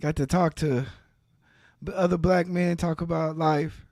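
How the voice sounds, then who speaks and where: Fortyish man; relaxed guest recorded dry and close. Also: fairly high pitch, unhurried, no echo. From Texas. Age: 40s. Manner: relaxed, laughs easily, talks with fillers. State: slightly hoarse from allergies. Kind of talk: casual interview chat.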